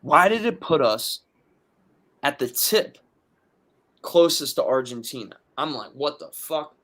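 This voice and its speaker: In a loose, profane podcast chat, a man from Philadelphia spins a story as the guest. He talks with an animated swagger and slips into his friends' voices to quote them. His pitch sits in an ordinary middle range for a man. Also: a little slow.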